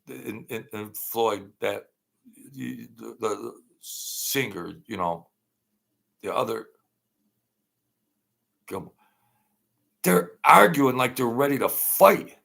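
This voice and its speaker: Gravelly rambling man talking off the cuff. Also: mid-range voice, takes it slowly, long pauses. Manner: rambling, animated, laughs often. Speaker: channel host. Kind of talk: unscripted live-stream chat.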